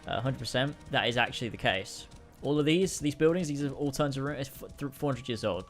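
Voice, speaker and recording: A young man narrating his own gameplay in loose, offhand commentary, sarcastic and quick to swear. His voice sits in an ordinary middle range, with faint game music running underneath. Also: medium pitch, fairly bright tone. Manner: sarcastic, swears freely, rants. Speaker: gaming streamer. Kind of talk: casual let's-play commentary.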